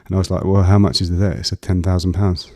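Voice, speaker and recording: A man telling a long personal story as an interview guest, halting with fillers and restarts. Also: low-pitched, level tone, mellow, no echo, clean studio sound.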